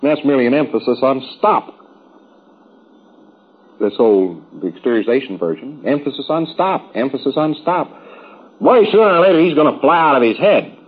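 A man's voice: medium pitch, animated, fairly quick, husky, narrow, tinny audio. A man giving a rambling, folksy, informal lecture to trainees, with wry asides.

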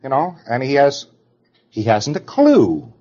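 A man talks through an informal lecture, wandering between points and now and then slipping into quick acted examples. His voice sits at an ordinary middle pitch. The old recording sounds dull and muffled, with the highs rolled off. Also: huge pitch swings, a little mellow. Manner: conversational and digressive, briefly acting out example voices.

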